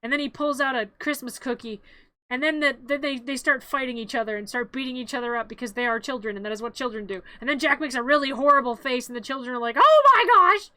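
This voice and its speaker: A woman's voice: fairly high pitch, fairly even intonation, fast talker, bright, forceful tone, no echo. A young adult woman streamer casually retelling a movie scene by scene, in a rambling, playful way with offhand jokes.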